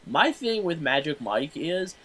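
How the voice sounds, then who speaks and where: A tired man who has just woken up, rambling and animated in a casual podcast chat, breaking into little tunes. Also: fairly high pitch, measured pace, poor audio. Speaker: podcast co-host.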